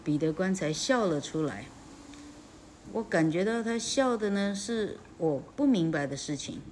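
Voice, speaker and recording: A woman reading a classic story aloud and translating it as an English teacher, in a lively, chatty way. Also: on the low side, normal speed, a little hiss or hum. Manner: lively, chatty, self-correcting.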